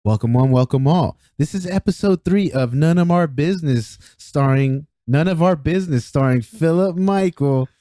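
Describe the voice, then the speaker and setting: A man's voice: on the high side, normal speed, few pauses, dark tone, no echo, studio quality. A man co-hosting a podcast in casual chat, playful, laughing often and stretching out his intros. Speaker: podcast co-host. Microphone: studio mic on an arm.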